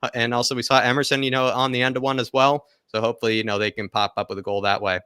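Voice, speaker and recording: A man's voice: medium pitch, little pitch movement, very fast, bright, forceful tone, clear, resonant tone, no room sound, clean studio sound. A man hosting a football live stream, reading viewer comments and rambling casually with fillers and laughs. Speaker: football channel host.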